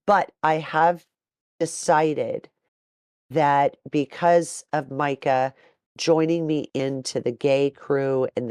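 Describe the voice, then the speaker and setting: Low-voiced woman telling animated stories. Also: smooth, dry recording, studio quality. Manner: animated, profane, acts out quotes. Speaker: podcast co-host. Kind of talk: casual storytelling chat.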